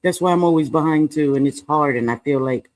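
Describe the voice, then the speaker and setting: Middle-aged male streamer, high-pitched, chatty, laughs a lot, casual swearing. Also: fairly quick. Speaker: livestream co-host. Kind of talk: casual livestream chat.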